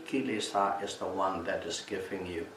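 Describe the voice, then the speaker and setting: A male meditation teacher giving a calm Buddhist Dhamma talk at a retreat, repeating and restating key terms as he explains them. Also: deep voice, normal speed. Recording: echoey room, mic at a distance, faint background noise.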